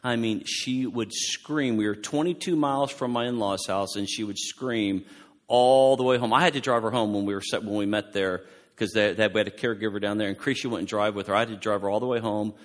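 A male pastor giving an animated, conversational sermon, with frequent restarts as he talks. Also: on the low side, fairly quick, in a large hall.

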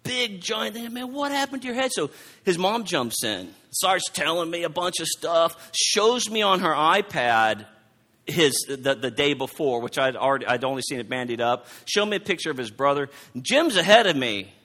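A middle-aged man preaching with a bright, forward tone that sits a little high for a man. He tells a story from his own life in halting bursts, restarting and repeating words as he goes. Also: animated. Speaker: pastor. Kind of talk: sermon with personal story.

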